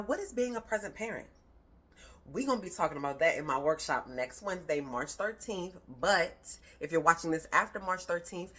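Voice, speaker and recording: A woman's voice: lowish voice, fairly bright tone, husky. A woman parenting coach giving a casual, conversational talk to camera, emphatic and slangy, with playful rhyming asides.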